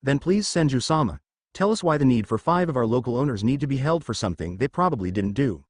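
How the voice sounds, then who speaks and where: A man's voice: medium pitch, lively intonation, fast talker, natural voice. A man reading the lines of a heavyset male merchant on a council. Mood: pleading.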